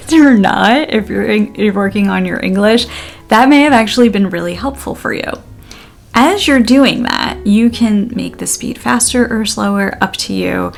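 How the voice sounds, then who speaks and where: Slow, deliberate woman teaching pronunciation. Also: medium pitch, animated, creaky. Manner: slow, deliberate drilling with frequent laughs. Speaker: language teacher. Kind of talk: pronunciation lesson.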